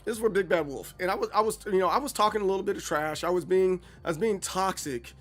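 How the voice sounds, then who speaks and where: A man in his thirties chatting casually on a gaming livestream, animated and playfully dramatic. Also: sits high, fast, soft background music. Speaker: streamer.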